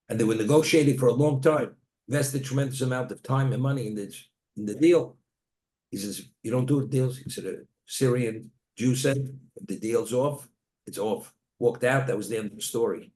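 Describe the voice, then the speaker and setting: In an echoey room, a man gives a Torah lecture as a rabbi, storytelling and mixing Hebrew terms into everyday speech. His mid-range voice has a dark tone and moves at a moderate pace.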